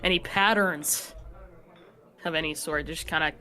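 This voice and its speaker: A kindly tavern barkeep, worried and steady, as a woman game master plays him. Bright in tone and plainly spoken, close to her own voice. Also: low voice, moderate pace, voice pushed down. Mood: grim.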